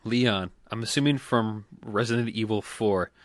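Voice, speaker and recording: A man's voice: on the low side, normal speed, no room sound. A man hosting a casual podcast, joking around and trying out character voices. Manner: playful, jokey, laughs often. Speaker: podcast host. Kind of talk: casual chat, doing voices.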